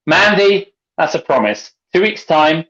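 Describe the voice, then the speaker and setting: A tipsy man co-hosts a casual drinks livestream, rambling and getting loud and excitable. His voice sits a bit high. The call audio sounds dull and lo-fi. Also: measured pace. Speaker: co-host. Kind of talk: casual drunken chat on a livestream.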